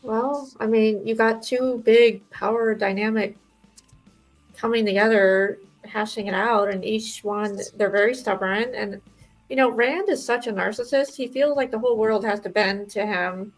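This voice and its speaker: A woman with a fairly high voice shares her take on a book podcast. She speaks thoughtfully, pausing and hedging as she works out what she thinks. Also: fairly even intonation, soft background music, low-quality recording. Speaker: podcast co-host. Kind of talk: casual chat.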